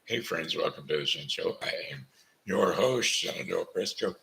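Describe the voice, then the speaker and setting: Male live-stream host: deep gravelly voice, easygoing rambling chat, sounds tired. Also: animated, moderate pace, a bit bright, poor audio. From St. Charles, Missouri. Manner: rambling, chatty, sings a birthday song. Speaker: host of a live home broadcast. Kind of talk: casual live chat, birthday shout-outs.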